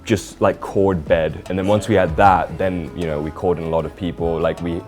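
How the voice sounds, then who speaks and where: A man with a very low voice chats easily about his work, leaning on "like" as he tells stories. Faint music plays in the background. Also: fast. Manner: relaxed, storytelling, peppered with "like". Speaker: musician guest. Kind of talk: casual interview chat.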